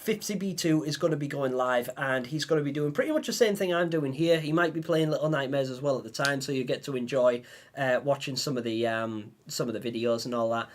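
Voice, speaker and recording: A young man hosting a live stream, telling a story in a lively way and acting out his own panicked lines. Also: medium pitch, brisk. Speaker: livestream host.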